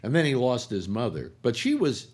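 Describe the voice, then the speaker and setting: A man's voice: mid-range voice, huge pitch swings, moderate pace, darkish tone, slightly rough. A man hosting a casual panel chat, rambling with frequent restarts. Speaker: talk show host.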